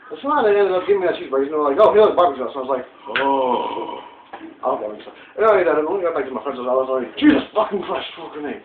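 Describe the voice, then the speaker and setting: A man's voice: on the high side, a little hiss or hum. A man telling a rambling, profane story in a casual way and acting out the quoted lines. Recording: tinny echoey distant recording.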